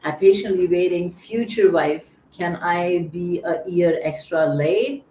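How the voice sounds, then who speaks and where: A low-voiced woman chats casually through a livestream and greets viewers one by one with a teasing tone. Her voice comes from an echoey room with faint ambient noise behind it. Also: unhurried, warm tone. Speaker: livestream host.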